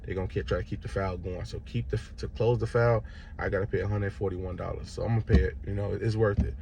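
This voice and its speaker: Young man, low gravelly voice, casual storyteller doing other people's voices, faint background noise. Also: fast talker. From Chicago, Illinois. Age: young adult. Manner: animated retelling, acts out other voices. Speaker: vlogger.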